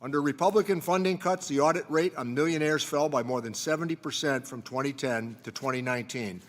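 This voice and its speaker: Man giving statement in echoing hearing room. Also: fairly high pitch. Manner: measured, reading prepared remarks. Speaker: ranking committee member. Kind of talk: formal opening statement.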